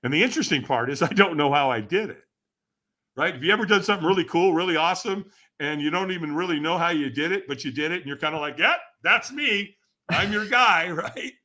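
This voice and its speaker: A man as a podcast guest, telling a personal story in an animated way, acting out other people's voices and asking the listener rhetorical questions. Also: fairly high pitch, fast talker. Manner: animated, acts out quoted voices with sudden shouts.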